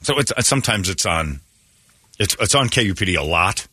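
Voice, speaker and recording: A man hosting a radio show, ranting and teasing in animated, casual talk from a studio. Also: low-pitched, a little fast, husky, no echo. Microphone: studio microphone.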